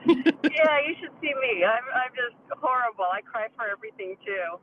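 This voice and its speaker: A woman's voice: on the high side, expressive, moderate pace, muffled recording, slight background noise. A woman chatting casually on a live audio space, emphatic and laughing at herself. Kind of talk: casual chat.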